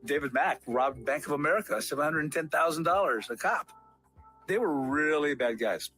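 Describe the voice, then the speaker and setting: An older man, a civilian on a police disciplinary board, recounting a hearing in an animated interview with many fillers. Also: a little high, normal speed, soft background music, poor audio. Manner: animated retelling, acts out quotes, frequent fillers. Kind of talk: storytelling interview.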